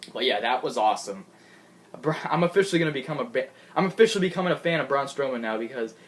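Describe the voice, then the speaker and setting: A man giving an excitable, gushing casual recap of a show he watched, laughing often and restarting his sentences. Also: medium pitch. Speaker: wrestling fan recapping a show.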